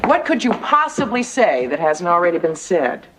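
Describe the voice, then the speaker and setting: A woman's voice: lowish voice, sing-song, normal speed. An actress playing a sardonic woman with a dry, sarcastic way of talking, in a sitcom with noisy old TV audio. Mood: wry. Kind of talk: sitcom acting.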